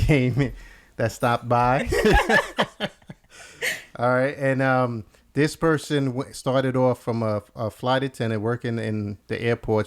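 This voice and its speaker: Male host, casual chat, jokey and laugh-prone, mid-pitched voice. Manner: laughs often, loose and joking. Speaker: podcast host.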